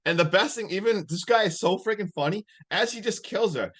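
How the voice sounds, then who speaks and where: A young man co-hosting a podcast, excitedly recapping a film and acting out its scenes with big swings between loud and quiet. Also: high-pitched, a little fast, breathy edge. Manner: animated, swings loud and soft, acts out scenes. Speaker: podcast co-host.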